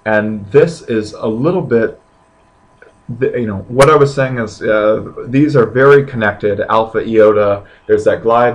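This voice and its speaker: A man teaching a casual language lesson, hesitant, full of restarts and drawn-out example sounds. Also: fairly low pitch. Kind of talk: casual classroom lecture.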